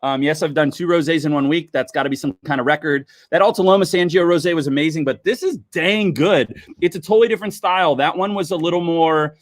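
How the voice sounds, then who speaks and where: A man's voice: a little high, fast talker, hardly any pauses, no echo, clean studio sound. A man hosting a casual livestream wine tasting, chatting upbeat with viewers. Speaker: livestream host.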